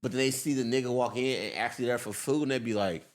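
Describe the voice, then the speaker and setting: A male comedian in casual podcast chat, laid-back, jumping into high-pitched impressions of people. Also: quick pace.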